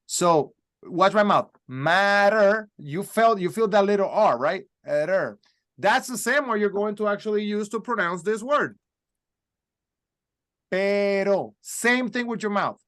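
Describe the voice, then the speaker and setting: A man's voice: sits high, animated, moderate pace, a bit bright. A man teaching a pronunciation class, patiently explaining step by step and modeling sounds for learners to repeat. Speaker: Spanish teacher. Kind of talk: recorded language lesson.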